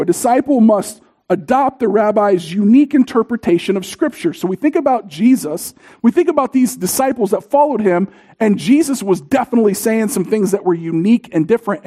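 A man in his thirties preaching a sermon as pastor, in a conversational, animated storytelling way. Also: high voice.

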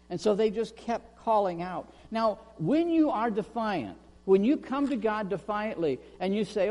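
A man preaches a sermon in a high, lively voice that leaps up and down as he asks the congregation questions. He acts out quoted shouts with real force. His voice rings with a long reverb, as in a big hall. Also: measured pace, hardly any pauses. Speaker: pastor.

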